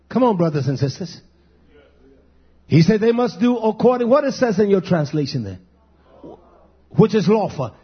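Husky high-voiced male preacher, lively. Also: normal speed, long pauses, highs cut off. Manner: call-and-response preaching, questioning the congregation. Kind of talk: sermon.

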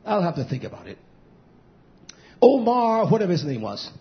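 A man preaching a fiery, rambling sermon, swinging between low muttering and shouting. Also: huge pitch swings, moderate pace. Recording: dull lo-fi recording.

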